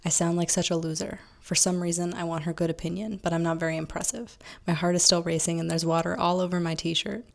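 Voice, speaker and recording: Lady reading out a jittery insecure young woman, low flat gravelly voice. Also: fast talker, few pauses. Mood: anxious. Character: anxious young woman, self-deprecating.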